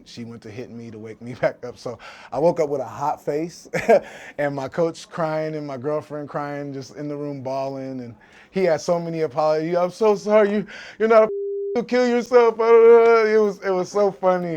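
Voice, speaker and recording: A man, a professional fighter, telling a story in a casual interview, animated and acting out quoted voices with frequent restarts. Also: medium pitch.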